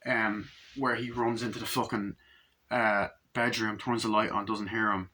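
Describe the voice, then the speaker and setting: A man giving a casual movie review, recapping scenes excitedly with lots of swearing and rambling. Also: fairly low pitch, moderate pace.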